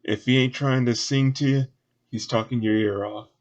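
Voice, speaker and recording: A man puts on a drowsy female town guard with a thick Southern drawl. She talks in an easy, folksy way. The voice is only a touch higher than his own. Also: steady tone, normal speed, muffled recording, lightly acted.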